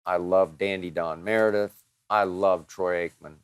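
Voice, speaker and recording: Slow, low-voiced emphatic male host. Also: steady tone, smooth, no echo. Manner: dramatic, piles up emphatic words. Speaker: show host answering listener questions. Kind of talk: emphatic monologue answering mailbag questions.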